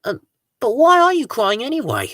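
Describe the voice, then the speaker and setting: A host of a live Q&A stream, greeting viewers and reading their comments aloud in an excitable, sing-song way. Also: mid-range voice, normal speed, dry recording, studio quality.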